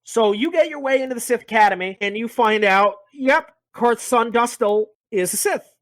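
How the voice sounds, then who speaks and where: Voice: medium pitch, normal speed, a bit bright, dry recording. Profane, rambling game recapper. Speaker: podcast host.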